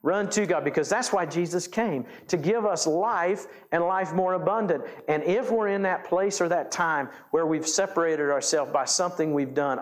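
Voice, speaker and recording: A man preaches from the pulpit, spinning folksy ranch stories into his sermon. His voice sits a touch high for a man. He grows lively and animated as he acts out the scenes. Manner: folksy storytelling, animated when recounting. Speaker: pastor. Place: church sanctuary.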